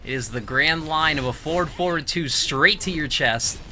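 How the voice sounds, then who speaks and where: A man commentating a fighting game tournament stream, energetic and hype-building, with jokey asides. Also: a little high, moderate pace, faint music behind. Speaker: esports commentator.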